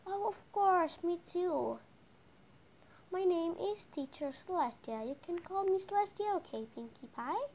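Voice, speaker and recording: A child voicing a kind grown-up female pony teacher in a toy play, halting and gentle. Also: very high voice, animated, slight background noise, heavily acted. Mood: welcoming.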